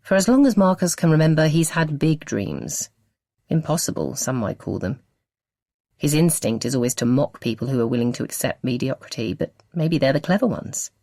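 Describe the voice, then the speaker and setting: A woman narrating a novel as an audiobook, with expressive storytelling. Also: extremely low pitch, dry recording, studio quality.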